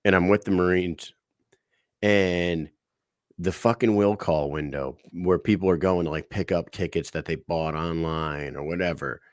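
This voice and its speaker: Low voiced podcast guy, swears a lot, acts out everyone in his stories, dry close mic. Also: unhurried, no room sound. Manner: animated storyteller, swears a lot, acts out quotes. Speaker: podcast co-host. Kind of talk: casual chat.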